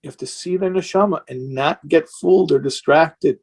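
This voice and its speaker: A man's voice: a little high, moderate pace, darkish tone, husky. A man speaking as a rabbi in an impassioned question-and-answer talk, earnest and emotional, sounding tired and worn down.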